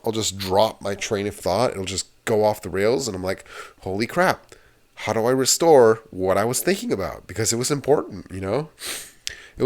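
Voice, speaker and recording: A man with a deep, low-pitched voice rambles casually to his viewers. He drifts from one loose tangent to the next in an easygoing way. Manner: meandering, drifts between tangents. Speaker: channel host. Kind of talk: casual rambling rant to camera.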